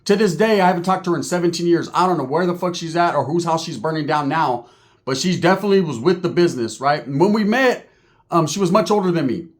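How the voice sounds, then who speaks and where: A man's voice: a little high, expressive, quick pace. A man telling a comic story from his own life in profane, streetwise talk, checking in with "right?" again and again.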